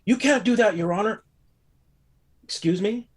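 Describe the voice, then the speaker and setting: A man mimicking a squeaky flustered prosecutor. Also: a little slow. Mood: flustered protesting. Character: flustered male prosecutor, objecting in a high voice.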